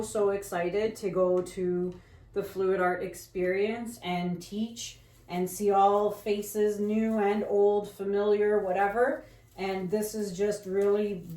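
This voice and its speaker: A woman talks at an unhurried pace while she paints, and her chat comes out rambling and anxious. It is casual, with frequent fillers and restarts, and her voice sits at a middle pitch. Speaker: fluid art painter and channel host.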